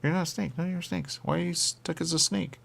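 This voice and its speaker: A man's voice: steady tone, fast talker, vocal fry, a bit bright. A man in absurd comedic banter, arguing in goofy circles. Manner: goofy, circular arguing with big pitch jumps.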